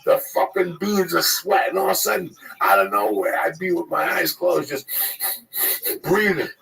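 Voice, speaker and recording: A man telling a profane, animated comedy story and acting out the voices of the people in it, as if on a podcast. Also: a little high, gravelly, recorded from a distance, low-quality recording. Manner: profane, rapid, acts out the voices.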